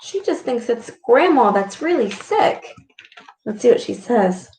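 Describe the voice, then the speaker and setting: A woman reading a storybook aloud to children, expressive and full of gasps and exclamations. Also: on the high side, unhurried, slight background noise. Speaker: speech clinician reading to children. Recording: echoey room.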